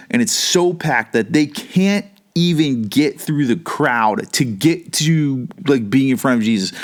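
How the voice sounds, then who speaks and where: A man pastor teaching the Bible casually from his home basement, chatty and rambling, with frequent asides. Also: medium pitch.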